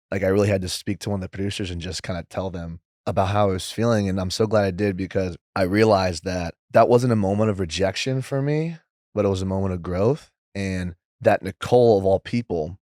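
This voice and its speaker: A young man talking as a podcast guest in a rambling, casual way, saying "like" a lot and quoting others in lively voices. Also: sits low, no room sound, studio quality. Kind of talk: casual interview chat.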